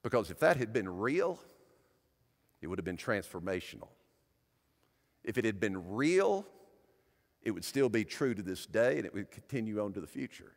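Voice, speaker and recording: A man preaching a sermon as pastor, emphatic, building up and dropping back in loudness. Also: on the low side, very animated, normal speed, creaky, long pauses. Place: church sanctuary. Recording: long church-hall reverb.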